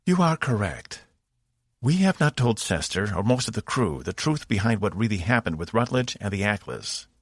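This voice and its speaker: A man voicing a female starship captain who gives firm, clipped orders with calm authority. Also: lowish voice, normal speed, no room sound, clean studio sound, pitched above the performer's own voice. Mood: measured.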